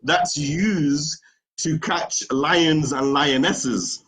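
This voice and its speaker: A man's voice: on the high side, very slow, a crowd in the background, poor audio. A middle-aged man from the United Kingdom, a studio guest telling a rambling story and laughing easily. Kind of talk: casual studio chat.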